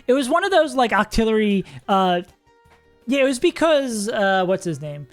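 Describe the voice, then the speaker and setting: A streamer in casual livestream commentary, thinking aloud about game strategy, chatty and quick to laugh. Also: medium pitch, big pitch swings, no echo, faint music behind.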